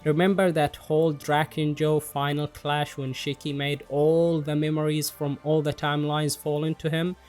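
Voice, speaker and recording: A young man reviewing a manga chapter in casual commentary, excitable and jokey, swearing freely and poking fun at himself. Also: a little high, normal speed, few pauses. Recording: faint music underneath.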